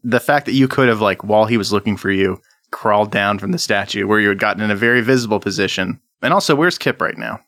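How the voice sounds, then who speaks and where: A man runs a tabletop game as game master, describing scenes and asking players for rolls. His voice is bright and forward. The recording is close and dry. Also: on the low side, quick pace, few pauses, dry recording. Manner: laid-back, laughs often.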